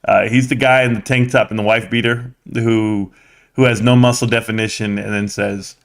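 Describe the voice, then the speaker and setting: A man in his forties hosting a live stream, teasing his guest with animated, excitable banter. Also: on the low side, moderate pace, gravelly. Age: 40s.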